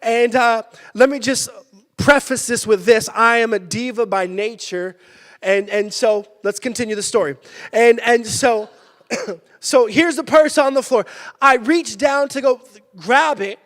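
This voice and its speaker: A male pastor giving a sermon, telling a personal story with lively energy and sudden shouted bursts. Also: very high voice, unhurried. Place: church sanctuary. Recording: church hall with long reverb.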